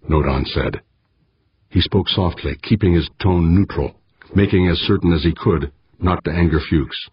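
Very deep, raspy male narrator, even audiobook read, slightly dull sound. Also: moderate pace, dry recording. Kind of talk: scripted narration.

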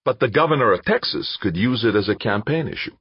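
A man doing a gruff, doubtful boss. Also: mid-range voice, animated, fast, no room sound, voice pushed up. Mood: skeptical. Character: skeptical weary male company boss. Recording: dull lo-fi dry recording.

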